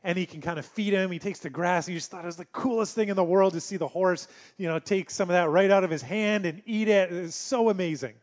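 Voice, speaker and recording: A male pastor delivering a sermon in a conversational, storytelling way with gentle humor. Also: high-pitched, quick pace, few pauses.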